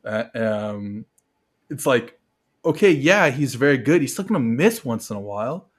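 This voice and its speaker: A man's voice: mid-range voice, sing-song, normal speed, husky. A man from Montreal, a guest on a podcast, talking earnestly and rambling, with lots of "like" and "you know". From Montreal, Canada. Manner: rambling, filler-heavy, earnest. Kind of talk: casual podcast chat.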